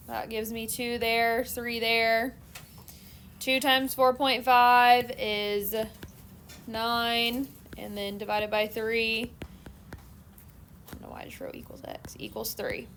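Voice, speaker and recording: A woman math teacher giving a classroom lecture, explaining steps in a steady, methodical way. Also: a little high, slight background noise.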